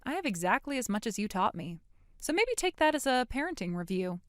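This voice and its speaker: A woman's voice: on the high side, sing-song, fairly quick, no room sound, clean studio sound. An actress voicing a blunt, sarcastic young woman standing up to her mother in a dramatic story. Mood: defiant. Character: defiant, sarcastic young woman cutting ties. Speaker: grown daughter in a voiced story.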